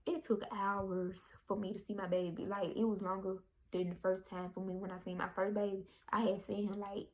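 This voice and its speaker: A woman's voice: medium pitch, a little mellow, low-quality recording. A young woman, telling a candid, chatty storytime vlog with fillers and restarts. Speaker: vlogger. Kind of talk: casual storytime.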